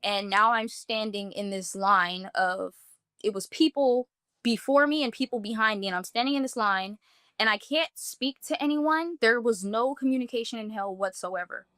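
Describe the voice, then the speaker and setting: A woman with a slightly high, bright and forceful voice tells a personal story in the first person. She speaks earnestly and casually, leaning on "like" as she paints each scene. The sound is dry and close, with no room around it. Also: normal speed, no echo. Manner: earnest, vivid, many "like" fillers. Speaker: guest telling a personal testimony.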